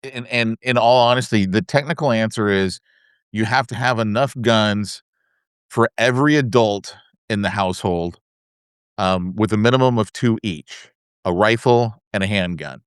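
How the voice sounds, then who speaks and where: A man's voice: lowish voice, moderate pace, smooth, no room sound, studio quality. A man co-hosting a podcast, telling casual anecdotes full of fillers and asides. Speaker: podcast co-host. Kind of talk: casual chat.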